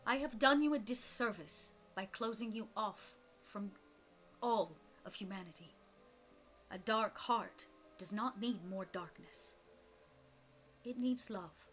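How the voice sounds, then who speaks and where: A woman voicing an ancient, calm, motherly female spirit who speaks slowly and gently in a tabletop game. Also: mid-range voice, soft background music. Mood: solemn.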